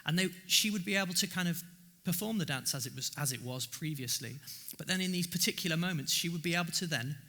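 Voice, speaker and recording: A man co-presenting design work at a conference, explaining the process and trading quick quips. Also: a little high, expressive, bright, forceful tone. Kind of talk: conference talk. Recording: echoey hall.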